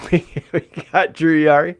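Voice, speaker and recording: A man's voice: fairly high pitch, little pitch movement, slow pace, no room sound. A man co-hosting a podcast, laid-back and laughing easily as he reads out viewers' names. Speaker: podcast co-host reading chat names. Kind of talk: casual chat.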